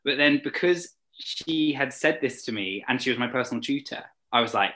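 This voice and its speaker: A man's voice: mid-range voice, animated, moderate pace, hardly any pauses, pushed and bright, low-quality recording. A young man chatting eagerly as an interview guest, rambling with fillers. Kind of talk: casual interview chat.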